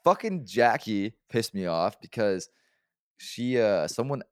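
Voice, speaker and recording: A young man co-hosting a podcast, telling stories fast and swearing a lot in casual chat. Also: fairly low pitch, dry recording, studio quality. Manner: fast-talking, swears a lot, animated storytelling. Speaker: podcast co-host.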